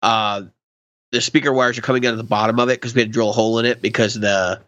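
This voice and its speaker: A man with a bright, forward tone talks gear in an easy, enthusiastic way, tossing in quick asides. His voice sits close and dry, with no room around it. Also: lowish voice, steady tone, no room sound. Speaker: podcast co-host, guitarist. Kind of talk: casual gear chat.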